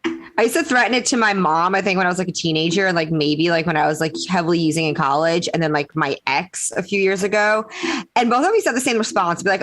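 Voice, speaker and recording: A young woman talks loosely and frankly as a podcast guest. Her voice sits in a middle pitch, relaxed and deadpan. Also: fast talker. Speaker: guest comedian. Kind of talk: casual chat.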